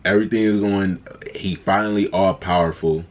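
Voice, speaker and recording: A man giving a casual spoken movie review, excited and rambling, often restarting his sentences. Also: deep voice, moderate pace, dull audio.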